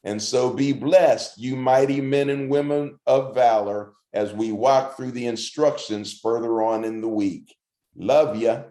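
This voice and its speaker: A man giving a short devotional sermon as a pastor, earnest and encouraging, slowing down when he reads scripture. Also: medium pitch, warm tone, reverberant.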